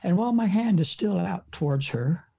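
A man's voice: high-pitched, expressive, moderate pace, vocal fry, mellow, breathy edge. A man in his seventies, an evangelist preacher, telling stories in a folksy, rambling way with many fillers, speaking from his front porch. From United States. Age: 70s. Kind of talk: storytelling in an interview.

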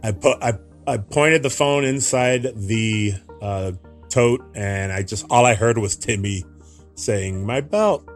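A man telling his own story in an interview, earnest and halting, often restarting his sentences. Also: fairly low pitch, steady tone, soft background music. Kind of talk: personal account in an interview.

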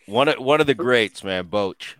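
A man's voice: medium pitch, animated, normal speed, fairly bright tone, no room sound. A man hosting a casual interview, chatting and reminiscing with his guest. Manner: chatty, reminiscing, laughs along. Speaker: host.

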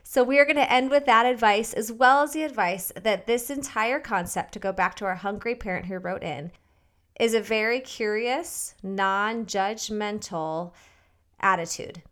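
A woman in an easygoing podcast conversation with a middle-pitched voice. She tells a short anecdote and sums up the episode in a chatty, friendly way. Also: moderate pace. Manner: relaxed, chatty, wraps up the show. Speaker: podcast co-host. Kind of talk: casual podcast chat.

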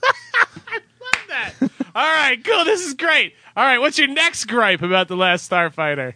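High, lively teasing man with a cold. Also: measured pace. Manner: teasing, laughs often. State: slightly stuffy with a cold. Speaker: podcast co-host. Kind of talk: casual comedic chat.

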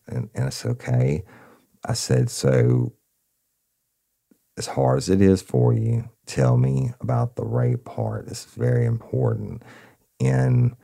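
A middle-aged man recounting a case as a true-crime podcast host. His voice sits extremely low and is heavily gravelly, while his pitch swings a lot from phrase to phrase. The tone is dark, and his delivery is folksy and direct. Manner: folksy, addresses listeners directly. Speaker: podcast host and former detective.

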